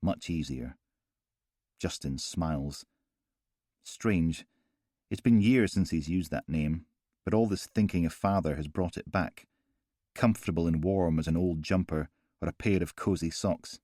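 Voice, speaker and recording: A man narrating a crime thriller audiobook in a measured, grave way. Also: deep voice, mellow, no room sound, studio quality.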